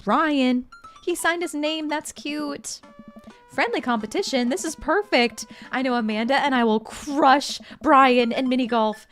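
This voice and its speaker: A woman's voice: sits high, unhurried, fairly bright tone, faint music behind. A young adult woman streaming a video game, chatting casually and playfully while reading the game's text aloud. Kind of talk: casual game playthrough commentary.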